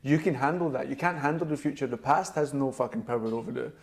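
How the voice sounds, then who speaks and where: A man's voice: mid-range voice, fast talker, vocal fry. A young man with a West of Scotland accent co-hosting a podcast in casual, sweary, blunt chat. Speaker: podcast co-host.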